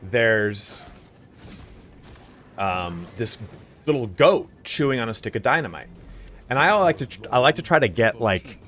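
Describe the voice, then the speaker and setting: A male streamer chatting while he plays, with a loud, projecting voice and an animated way of telling stories. His pitch sits in the usual middle range, and there is a faint bed of noise behind him. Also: a little slow, long pauses. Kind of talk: casual chat while live-streaming a game.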